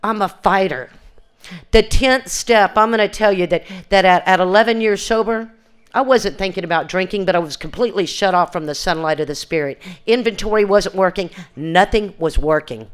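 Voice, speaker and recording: With a brisk, clear, resonant voice in the mid range, an older woman tells her recovery story at a reunion. She is earnest and plain-spoken, restarting sentences often and recounting conversations word for word.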